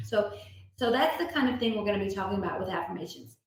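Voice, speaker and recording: A woman's voice: medium pitch, quick pace. A woman leading an online support group, chatty and encouraging, reading out comments and explaining self-help tools. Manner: chatty, encouraging, many restarts and fillers. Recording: very echoey room.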